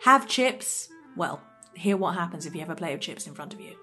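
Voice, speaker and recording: Brisk chatty woman podcast host. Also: fairly low pitch, animated, loud music behind the voice. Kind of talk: podcast presenting.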